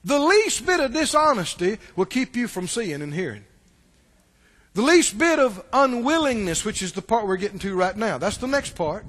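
A pastor with a very high voice preaches a sermon in a hall with a long reverb. He tells stories at normal speed, his pitch swinging widely as he moves between loud passages and hushed asides.

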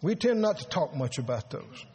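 A man preaching a sermon as pastor, earnest and halting, repeating words and rising to emphasis. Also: on the high side, sing-song, darkish tone.

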